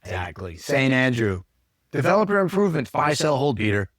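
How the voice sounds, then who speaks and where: A man's voice: medium pitch, very animated, a little fast, dry recording, clean studio sound. A man hosting a casual podcast chat, rambling and correcting himself with joking asides. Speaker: podcast host.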